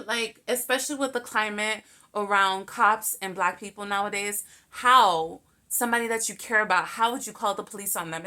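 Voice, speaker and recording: A young woman hosting a show, telling a personal story in a candid, animated way and swearing freely. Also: medium pitch. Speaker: podcast host. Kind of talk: casual storytelling monologue.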